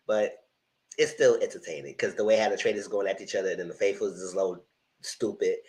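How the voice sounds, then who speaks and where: A man giving casual, animated commentary on reality TV, voice only, speaking straight to his viewers in slangy talk. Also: sits low, fast, low-quality recording. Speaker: TV review host. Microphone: voice only, no camera.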